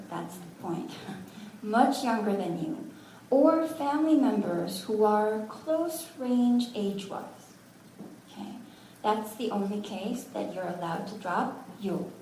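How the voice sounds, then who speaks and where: A woman's voice: medium pitch, lively intonation, takes it slowly, warm tone, slight background noise. A woman teaching a language class, patiently sounding out words syllable by syllable with good-humored asides. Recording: echoey room, from far off.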